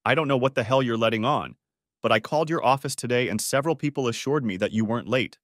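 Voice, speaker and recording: A man reading an audiobook, voicing an older mother who scolds sharply and loudly. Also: mid-range voice, fast, no room sound, studio quality, lightly acted. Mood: angry. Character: older mother, fierce and protective.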